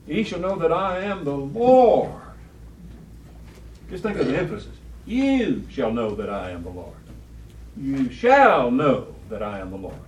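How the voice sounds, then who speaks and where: A man's voice: medium pitch, darkish tone. Man teaching a Bible class, roomy and distant. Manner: quizzes the class, repeats key phrases with emphasis. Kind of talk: Bible study lesson. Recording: roomy, distant, faint room noise.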